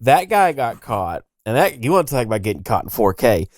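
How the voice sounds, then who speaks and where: A man's voice: medium pitch, big pitch swings, a little fast. A man co-hosting a podcast, telling a story in casual, emphatic, joking chat. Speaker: podcast co-host.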